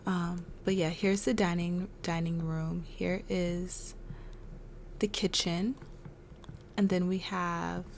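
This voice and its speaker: A woman hosting a life-sim game playthrough talks in an unhurried, easygoing way. She is chatty and amused, with frequent giggles. A faint hiss sits under her desk-mic recording. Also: lowish voice, flat delivery, gravelly. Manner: laughs often, chatty and amused. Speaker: let's play host. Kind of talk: casual gameplay commentary.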